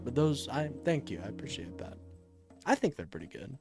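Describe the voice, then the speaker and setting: A man's voice: medium pitch, very animated, brisk, vocal fry, soft background music. Heated man on a live stream. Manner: heated, exasperated, swings between loud and muttered. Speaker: political streamer taking chat and calls. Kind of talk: live-stream commentary reading chat.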